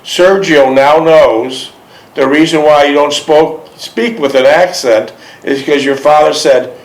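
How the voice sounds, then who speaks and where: A man's voice: fairly high pitch, unhurried. A man hosting an interview, patiently asking questions and repeating them. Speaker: interviewer host. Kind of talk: casual interview. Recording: roomy echo.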